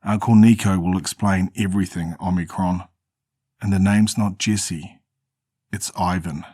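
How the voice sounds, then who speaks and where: A man's voice: sits low, steady tone, measured pace, mellow, slightly rough, no echo, clean studio sound. A man voicing a smug, cold young man who has betrayed his friend, in a horror story reading. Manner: smug, matter-of-fact.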